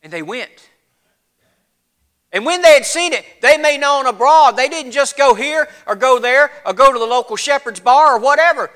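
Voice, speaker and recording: A man preaching a sermon in a folksy, animated storytelling way, his voice getting cracky. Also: very high-pitched, moderate pace. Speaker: pastor.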